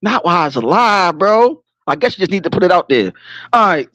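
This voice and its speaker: Animated, high-pitched man on a livestream. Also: fairly quick. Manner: animated, laughing, keeps stopping himself to regroup; rambling, slangy, swears freely. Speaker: livestream host. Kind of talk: casual livestream talk.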